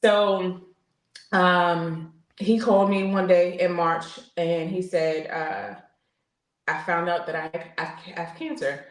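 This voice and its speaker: Earnest low-voiced woman in her forties. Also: steady tone, slow pace. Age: 40s. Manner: earnest, open, with frequent fillers and restarts. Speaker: podcast guest, military veteran. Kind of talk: candid personal storytelling in conversation. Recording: roomy echo.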